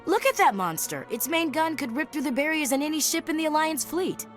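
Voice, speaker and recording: A woman's voice: sits high, animated, a little fast. An actress playing a blunt female soldier in a video game. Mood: impressed. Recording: game audio under loud music.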